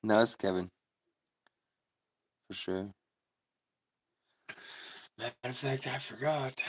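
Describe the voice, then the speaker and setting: A man's voice: mid-range voice, slow pace, husky. A man hosting a casual livestream, chatting laid-back with viewers and laughing often. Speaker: livestream host. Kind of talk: casual livestream chat reading comments.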